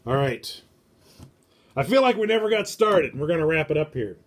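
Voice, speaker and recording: A man's voice: on the high side, big pitch swings, normal speed. A man hosting a casual livestream from home. He rambles and drops crude jokes as he talks. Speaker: show host.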